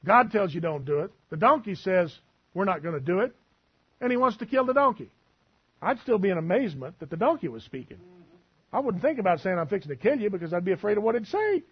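A man's voice: high voice, very animated, quick pace, husky, dull audio. A man preaching a sermon as pastor, folksy and full of asides and humor.

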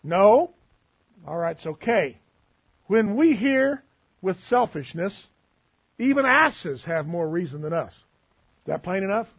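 A man's voice: high voice, very animated, a little slow, pauses often, slightly rough. Man, pastor, sermon, folksy, dull lo-fi recording. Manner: folksy, preachy, with asides and humor.

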